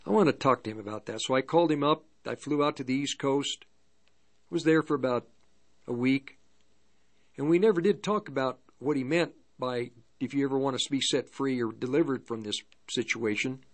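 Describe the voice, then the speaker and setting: A man telling a spiritual deliverance story in a rambling, halting way, slipping between first and third person. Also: mid-range voice. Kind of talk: spoken testimony storytelling.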